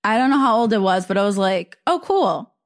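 A woman's voice: medium pitch, fast. A young woman hosting a casual chat, telling a long story full of "like" fillers. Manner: chatty storytelling, many "like" fillers. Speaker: podcast host.

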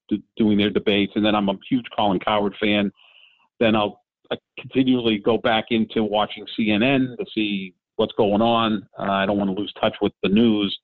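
A man's voice: fairly low pitch, no room sound. A man in his fifties chatting casually about sports, rambling with lots of fillers and restarts. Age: 50s. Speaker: podcast co-host. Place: home, during lockdown. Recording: tinny phone-like line.

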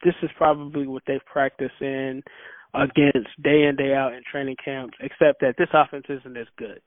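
A man co-hosting a sports podcast, giving blunt, relaxed, matter-of-fact takes. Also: medium pitch, moderate pace, no echo. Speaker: podcast co-host. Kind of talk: casual sports podcast chat. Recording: dry, tinny phone-like line.

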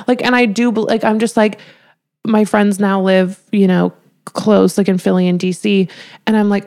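Podcast co-host, young woman with a gravelly edge, relaxed and candid. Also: mid-range voice, normal speed. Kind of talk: casual chat.

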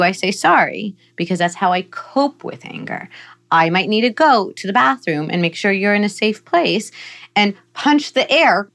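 Woman explaining parenting stuff on a podcast, calm and steady, acts out soft lines to a kid. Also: mid-range voice. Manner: calm, explanatory, acts out gentle phrases to a child. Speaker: psychologist guest. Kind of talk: podcast conversation, giving parenting advice.

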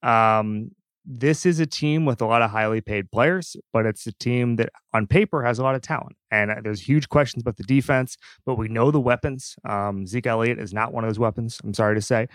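A man in the host's chair of a sports podcast, mid-range in pitch and talking with emphatic energy. His voice sits close and dry, with no room sound around it. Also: a little fast, no echo. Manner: animated, emphatic, with frequent restarts. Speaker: podcast host. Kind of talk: casual sports talk.

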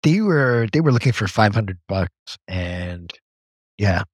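A man from Canada, a podcast guest with a low, husky voice. His relaxed, chatty talk sounds dry and close to the mic. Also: unhurried, no room sound. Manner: relaxed, chatty, says "like" often. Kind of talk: casual chat.

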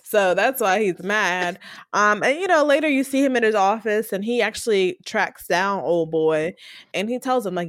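A woman's voice: medium pitch, animated, normal speed, dry recording, studio quality. A woman co-hosting a casual chat, retelling a TV episode and acting out the characters' lines in slangy voices. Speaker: podcast co-host recapping a TV episode.

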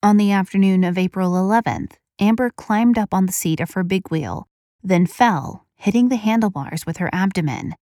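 A woman's voice: medium pitch, moderate pace, warm tone, no echo. Woman narrating true crime, dry close sound. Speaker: true crime podcast host.

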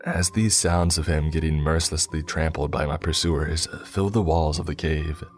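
A man with a very deep, low voice tells a first-person horror story. His delivery is steady and measured, with faint music under it.

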